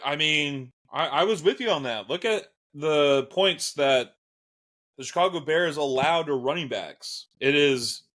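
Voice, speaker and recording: A man's voice: fairly high pitch, a bit bright. Laid-back man co-hosting a sports podcast. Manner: laid-back, laughing, quick to agree. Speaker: podcast co-host. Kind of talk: casual fantasy football chat.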